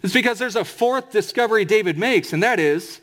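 Man, pastor, sermon, high voice, emphatic, drawn-out quotes. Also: animated, fairly bright tone. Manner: emphatic preaching with slowed, drawn-out scripture quotes.

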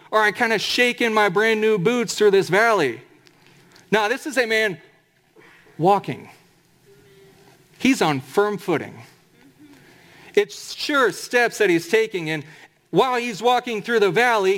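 Male pastor with a high voice, emphatic sermon delivery that slows to stress scripture. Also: expressive, a bit bright. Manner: emphatic preaching with slowed, drawn-out scripture quotes.

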